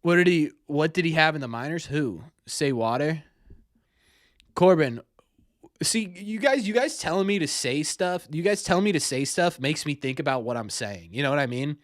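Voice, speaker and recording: Fairly high-pitched and expressive, a young man talks a little fast while hosting a casual sports stream. The sports podcast host rambles through viewers' questions, stumbling and repeating words often, in clean studio sound with no echo.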